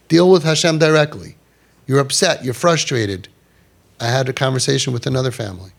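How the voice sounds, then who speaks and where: A man, speaking to parents with passion and acting out their voices as he tells stories, his talk full of Hebrew and Yiddish words. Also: mid-range voice. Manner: animated, acts out quoted parents and kids in raised voices; sprinkles Hebrew and Yiddish religious terms. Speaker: parenting podcast host giving guidance.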